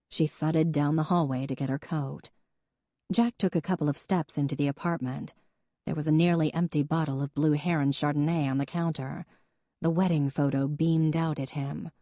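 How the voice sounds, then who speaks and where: A woman reading an audiobook in an even, measured narration. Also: deep voice, no echo, studio quality. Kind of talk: scripted narration.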